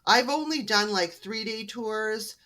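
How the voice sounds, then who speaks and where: This Canadian author, guesting on a podcast, speaks slowly in a fairly high, sharp-toned voice. Her manner is friendly and storytelling as she chats casually in an interview.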